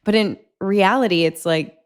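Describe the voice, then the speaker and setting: A woman in her thirties hosting a podcast in her home kitchen, telling stories in an animated way with lots of filler words and laughing along. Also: mid-range voice, normal speed. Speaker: podcast host. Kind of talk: conversational podcast interview.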